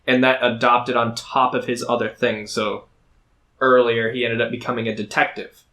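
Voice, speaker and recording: Chatty guy on a podcast, bright forceful voice, rambles with fillers. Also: mid-range voice, flat delivery, normal speed. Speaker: podcast co-host and dungeon master. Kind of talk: casual podcast chat.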